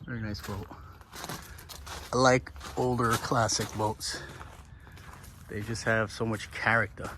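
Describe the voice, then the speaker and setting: A man's voice: fairly low pitch, flat delivery, takes it slowly, pauses often, noisy background. A man vlogging outdoors at a boatyard, talking straight to viewers in a chatty, enthusiastic way. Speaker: boating vlogger. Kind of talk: casual on-camera commentary.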